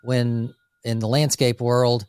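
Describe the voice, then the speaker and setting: A man co-hosting a casual business podcast, talking energetically through lists with quick asides about running a landscape company. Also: mid-range voice, little pitch movement, a little mellow, clean tone.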